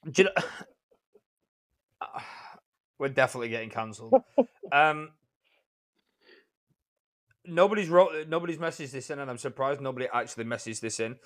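A man hosting a casual podcast, telling stories in a lively way, swearing and laughing often. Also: mid-range voice, normal speed, long pauses. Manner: animated storyteller, swears freely, laughs a lot. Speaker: podcast host.

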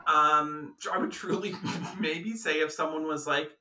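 A man's voice: fairly high pitch, steady tone, moderate pace, few pauses, sharp tone, reverberant, recorded from a distance. A man co-hosting a podcast, chatting casually and jokingly about a film with lots of fillers. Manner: playful, jokey, many fillers. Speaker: podcast co-host. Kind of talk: casual film review chat.

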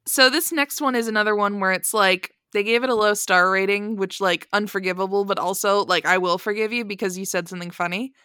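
Woman, podcast co-host, casual chat, giggly, bright voice, dry sound. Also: mid-range voice, fairly quick, hardly any pauses, clear, resonant tone, no echo. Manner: giggly, animated, reading listener reviews aloud.

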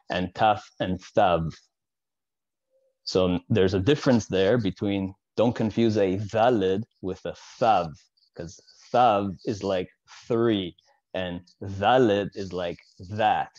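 A man's voice: sits low, a little mellow, no room sound, lo-fi sound. A man from the Soviet Union teaching in a casual lecture, explaining as he goes and checking in with the listener. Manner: explanatory, with frequent asides and "right?" check-ins.

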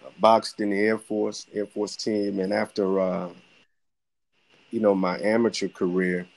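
A middle-aged man from the Bronx, talking casually on a podcast about his family clothing business and boxing, relaxed and halting with many fillers. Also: on the low side, gravelly. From the Bronx, New York. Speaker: guest, clothing entrepreneur and boxing coach.

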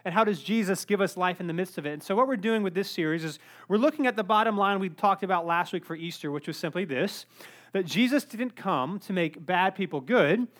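A young man from North Carolina preaching a sermon, telling a childhood story with animated, self-deprecating humor. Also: high voice, fast, few pauses. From North Carolina, USA. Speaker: pastor.

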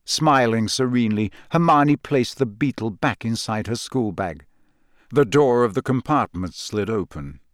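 A man reading a novel aloud as narrator, in a measured, even storytelling way, close to the mic. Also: medium pitch, dry recording. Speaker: audiobook narrator. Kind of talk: scripted narration.

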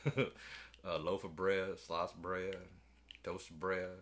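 A man casually recapping a movie with a co-host, animated, jumping into squeaky character voices and swearing freely. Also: takes it slowly. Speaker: podcast co-host.

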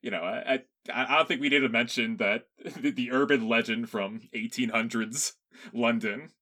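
Giggly man with a bright voice. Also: mid-range voice, normal speed. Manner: giggly, laughs often, easygoing. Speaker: podcast co-host. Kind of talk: comedic banter.

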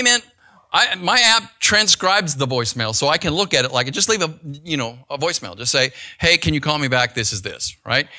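A man's voice: on the high side, sharp tone. An older man, a pastor, preaching a sermon in a conversational way and checking in with the congregation as he goes.

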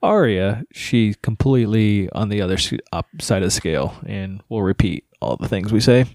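A man's voice: on the low side, animated, normal speed, darkish tone, no room sound, studio quality. A man in his thirties chatting casually as a co-host, telling stories with laughter and casual swearing. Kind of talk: casual chat.

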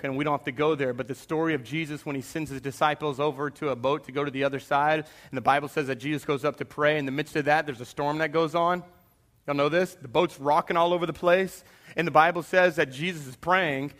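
A man, preaching a sermon with animated bursts and hushed confessional moments. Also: fairly high pitch. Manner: animated preaching, drops to a quiet hush for confessions. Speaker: pastor.

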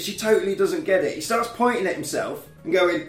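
A man's voice: sits high, animated, fast talker, far from the mic. A man co-hosting a podcast, animatedly retelling a film plot and acting out the characters' lines. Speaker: podcast co-host recapping a film. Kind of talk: casual chat. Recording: echoey room, off mic, faint music.

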